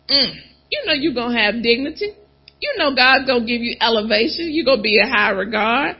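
A woman preaching a sermon, talking straight to the congregation and pausing for replies. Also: high voice, slightly rough, dull audio. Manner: animated, calls out to the congregation.

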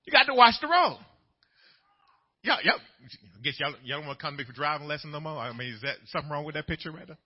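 A man preaching a sermon as pastor, telling a folksy story and building up to shouted preaching. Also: a little high, fairly even intonation, rapid-fire, breathy edge. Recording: dull lo-fi church recording.

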